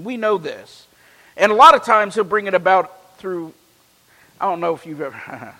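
A man with a fairly high voice preaches a sermon in a church, and his words ring out with a long hall reverb. He reads scripture with strong emphasis, then slips into easygoing, joking asides with the congregation. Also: bright, forceful tone. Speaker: pastor.

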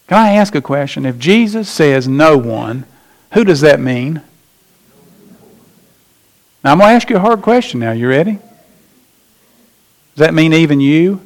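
A man preaching a sermon as pastor, emphatic, slowing down and rising in pitch to stress his points. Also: big pitch swings.

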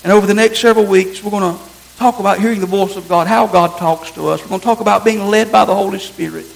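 Very high-voiced male pastor preaching. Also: fairly even intonation, quick pace, gravelly, rough recording. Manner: earnest, emphatic preaching with repetition. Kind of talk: sermon.

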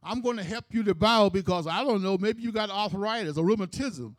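A man's voice: sits high, a little fast, dry recording, lightly acted. A preacher doing a taunting proud old king. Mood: mock-generous. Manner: mock-generous, taunting. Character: proud angry ancient king, male.

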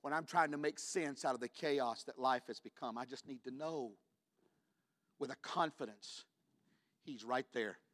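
A man preaching a sermon in a church, moving between quiet personal storytelling and loud, shouted declarations. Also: mid-range voice, moderate pace. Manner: shifts from hushed storytelling to shouted climaxes.

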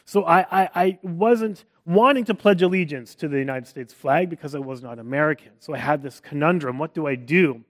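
A man's voice: a little high, a little fast, hardly any pauses. A man with a Canadian accent, preaching a sermon to his congregation in an earnest, conversational way. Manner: conversational, earnest storytelling with light laughs. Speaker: pastor.

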